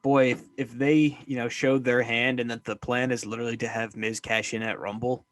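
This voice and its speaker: A man co-hosts a casual wrestling podcast in a mid-pitched voice. He drops wry, skeptical asides, and his mic sounds dry and close. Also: level tone, fairly quick, a bit bright, no echo. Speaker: podcast co-host.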